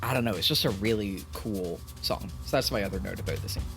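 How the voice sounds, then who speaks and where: A man's voice: on the low side, fast talker, gravelly, a bit bright, soft background music. A man co-hosting a podcast, chatting casually in a rambling way full of fillers. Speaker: podcast co-host.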